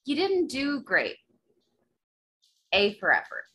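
Young woman cohost, bright high voice, all over the place pitchwise, swears a lot, sarcastic, kinda tipsy. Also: huge pitch swings, slow, a little hiss or hum. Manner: blunt, profane, sarcastic, teasing. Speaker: podcast co-host. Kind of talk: casual chat.

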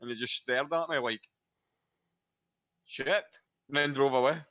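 A man's voice: mid-range voice, fast talker, sharp tone, no echo. Crude, swearing man on a dull, dry mic. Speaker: podcast co-host. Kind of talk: casual podcast chat.

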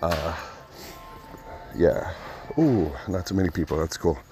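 Man, low voice, casual profane vlogger talking into a phone at his ear inside a store. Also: a little slow, dark tone, soft background music. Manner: rambling, profane storytelling. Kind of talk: casual vlog monologue while out shopping. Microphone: phone held to his ear.

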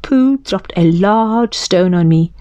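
A woman's voice: medium pitch, animated, slow, dark tone, no echo. A woman voicing a gloomy, complaining old male donkey in a storybook reading. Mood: glum. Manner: glum, complaining.

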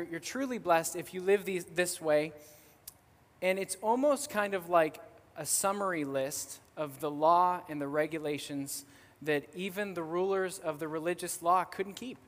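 Earnest man preaching in a reverberant church. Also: on the high side. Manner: earnest, warm-hearted preaching with repeated phrases. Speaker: pastor. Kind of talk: sermon. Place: church sanctuary.

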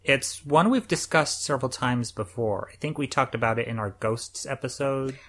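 A man's voice: medium pitch, lively intonation, normal speed, a bit bright. Chatty man co-hosting a podcast. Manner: chatty, rambling, jokey. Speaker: podcast co-host. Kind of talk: casual chat.

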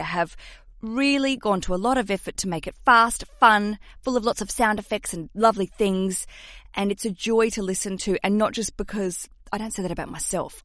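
A woman's voice: medium pitch, a bit bright, no echo. Woman, podcast host, chatty and rambling, dry close sound. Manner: chatty, self-mocking, rambling. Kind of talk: casual podcast chat.

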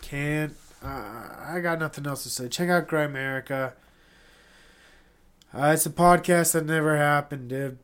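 A man's voice: on the high side, steady tone, unhurried, a bit bright, clear, resonant tone. A congested man hosting his own podcast, rambling in a casual solo monologue, self-critical and swearing often. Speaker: podcast host.

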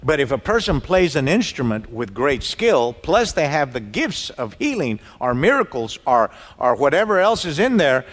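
A man preaching a sermon, telling stories with lively quoted dialogue. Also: medium pitch, normal speed, hardly any pauses. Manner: animated storytelling, quoting people in dialogue. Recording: reverberant hall.

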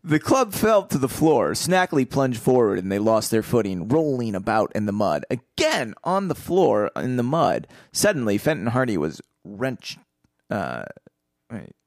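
A man's voice: lowish voice, big pitch swings, measured pace, darkish tone, no echo, clean studio sound. A man co-hosting a casual podcast, reading a book aloud and breaking off to riff with jokes. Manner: reads passages then riffs with jokes and laughs. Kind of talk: casual comedic read-along chat.

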